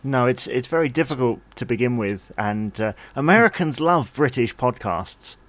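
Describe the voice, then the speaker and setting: A man's voice: medium pitch, expressive, normal speed, fairly bright tone, no room sound. A man hosting a podcast interview, easygoing and curious, laughing along with his guests. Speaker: podcast host. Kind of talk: casual interview.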